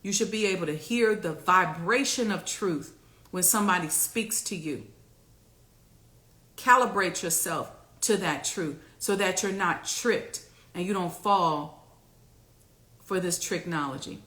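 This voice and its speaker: A woman's voice: fairly low pitch, measured pace. Preachy woman host in an echoey room. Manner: preachy, exhorting, builds to loud rallying repetition. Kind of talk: casual motivational talk to camera. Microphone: camera.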